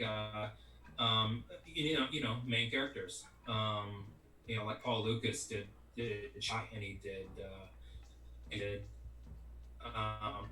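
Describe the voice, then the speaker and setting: A medium-pitched man with a sharp tone, recorded with a faint hiss or hum, guests on a casual interview as a voice actor. He talks at length in a loose, rambling way, often dropping "you know what I mean." The sound is roomy and echoey, as if he's far from the mic.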